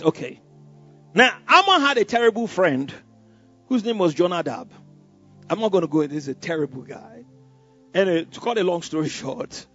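An emphatic male pastor preaches with a high, husky voice that swings widely in pitch. He laughs often. The recording is dull and lo-fi, with faint music behind him. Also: big pitch swings, brisk, long pauses, a bit bright. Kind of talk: sermon.

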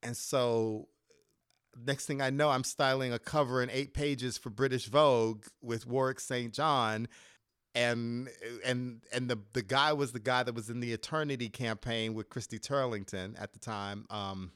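A middle-aged man telling stories in a casual conversation, lively and laughing, often jumping up in pitch to act out other people's voices. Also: unhurried, clear, resonant tone, dry recording, clean studio sound. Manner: lively, acts out quoted voices with sudden high pitch jumps, laughs mid-sentence. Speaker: guest, former model turned stylist.

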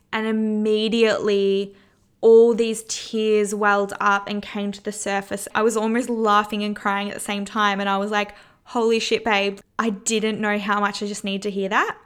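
A woman's voice: medium pitch, clear, resonant tone. A woman hosting a self-help podcast, talking earnestly in a casual coaching tone and swearing freely. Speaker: podcast host.

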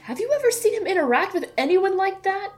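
A woman's voice: extremely high pitch, animated, fast talker, faint music behind, pitched above the performer's own voice. A woman voicing a shy, awkward adventurer who talks in a flustered, self-mocking way.

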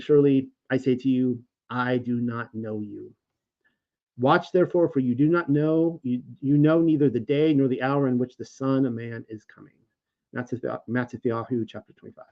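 Male host, casual scripture teaching, animated and rambling, slightly dull lo-fi sound. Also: medium pitch. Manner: casual, animated, stumbles over names and restarts. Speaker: Bible teacher and show host. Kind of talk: informal scripture study, reading and commenting.

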